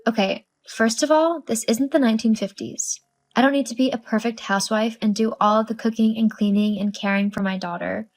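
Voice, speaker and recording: A worn-out young mother with a dry, sarcastic edge, voiced by a woman. Her voice sits a bit high and she pushes back firmly in a scripted read. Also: a little fast, natural voice. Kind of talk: scripted story narration.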